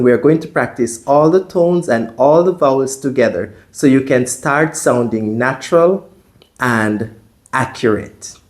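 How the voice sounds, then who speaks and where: A male Mandarin teacher speaks at a very slow, measured pace, leaving long pauses as he walks through the tones one by one. His voice sits at an ordinary middle pitch, and he models each sound carefully. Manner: deliberate, models tones out loud. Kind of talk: slow, careful pronunciation lesson.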